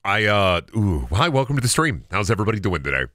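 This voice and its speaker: A man's voice: fairly low pitch, big pitch swings, fast, music in the background. A man in his thirties chatting casually on a gaming stream, telling rambling stories full of stammers, restarts and bursts of laughter. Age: 30s.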